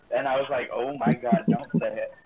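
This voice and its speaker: A man's voice: mid-range voice, steady tone, moderate pace, dull audio, a crowd in the background. A man joining a casual online chat who laughs and teases the others. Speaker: lobby participant.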